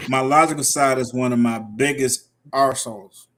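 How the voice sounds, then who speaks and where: A man's voice: medium pitch, steady tone, normal speed, a bit bright. A man hosting a casual live stream, reading out viewer comments and laughing often. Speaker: livestream host.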